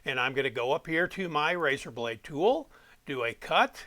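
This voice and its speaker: A man's voice: on the high side, lively intonation, normal speed, bright, forceful tone. A man explaining audio editing step by step, as an instructor walking students through a tutorial. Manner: plain step-by-step explaining, self-correcting.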